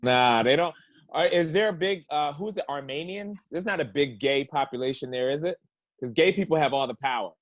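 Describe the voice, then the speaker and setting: A man's voice: fairly high pitch, lively intonation, a little fast, no room sound, highs cut off. A man, a comedian guest on a casual comedy podcast, teasing others and telling stories with lots of laughter.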